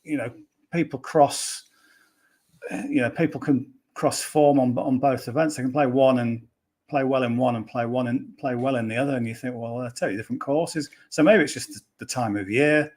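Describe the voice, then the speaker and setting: A man's voice: medium pitch, fairly even intonation, normal speed, a little mellow. A man giving a casual golf betting preview on a podcast, rambling and chatty with plenty of fillers and restarts.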